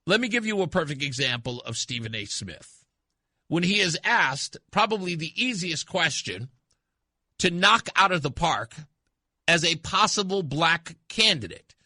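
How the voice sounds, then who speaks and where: Animated, bright-voiced talk radio host. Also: male voice, a little high, a little slow, no echo, studio quality. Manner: emphatic and impassioned, swings from loud to hushed.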